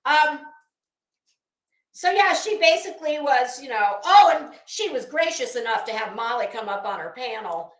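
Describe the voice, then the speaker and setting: A woman's voice: high voice, lively intonation, moderate pace, fairly bright tone, reverberant. A woman hosting a casual live commentary stream, chatting with viewers in a gossipy, sarcastic way and laughing often. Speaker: YouTube commentary host.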